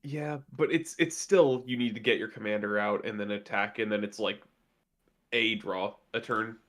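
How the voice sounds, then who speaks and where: A man co-hosting a casual live stream, giving quick, blunt opinions with lots of "like" filler. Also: fairly low pitch, fairly even intonation, fairly bright tone. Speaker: co-host on a livestream.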